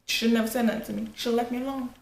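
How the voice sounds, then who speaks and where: A woman vlogger casually telling a personal story while getting ready, animated and profane, acting out quotes. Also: very fast, vocal fry. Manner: animated, profane, retells quotes with rising pitch. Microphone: camera in front. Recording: echoey room with faint ambience.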